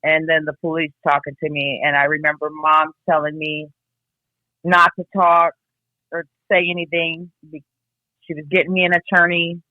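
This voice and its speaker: A woman from Iowa giving a candid personal account, blunt and halting, swearing freely as she reflects. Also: low voice, little pitch movement, dry recording. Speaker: guest, host's sister. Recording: tinny phone line.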